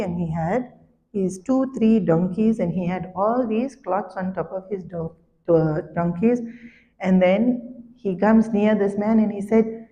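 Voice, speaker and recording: Mellow-voiced woman telling a spiritual story. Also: medium pitch, long reverb tail, lo-fi sound. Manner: animated, laughing storyteller. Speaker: spiritual teacher. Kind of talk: sermon with storytelling.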